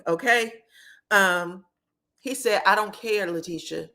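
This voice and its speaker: A woman's voice: medium pitch, unhurried, vocal fry, bright, forceful tone. A woman recapping reality TV in a casual gossip style, acting out the people she quotes, laughing and swearing as she tells it.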